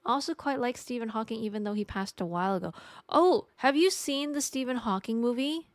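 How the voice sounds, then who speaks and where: A woman's voice: fairly high pitch, lively intonation, fairly quick, no room sound, clean studio sound. A young adult woman chatting casually with her live-stream audience, rambling and joking at her own expense. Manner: chatty, rambling, self-mocking.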